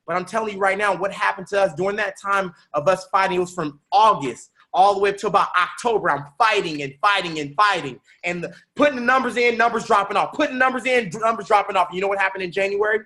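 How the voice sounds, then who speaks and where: Fiery high-voiced motivational speaker man. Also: fast, few pauses. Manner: preachy, rising to shouts, repeats phrases. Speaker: motivational speaker on a business webinar. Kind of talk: motivational speech with storytelling.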